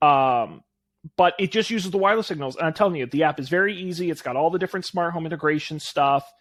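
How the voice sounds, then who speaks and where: A man co-hosting a casual tech podcast. He speaks a little higher than most men and recommends gear with easy confidence. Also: quick pace, a bit bright. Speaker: podcast co-host.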